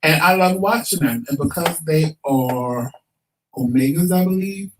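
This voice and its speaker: A man co-hosting a casual talk show, calm and matter-of-fact as he tells a story. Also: fairly high pitch, a little slow, distant mic, noisy background.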